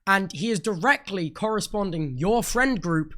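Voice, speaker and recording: A man's voice: sits high, animated, moderate pace, pushed and bright. A man in a casual debate on stream, interrupting to make his point. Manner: interrupting, reading quotes aloud.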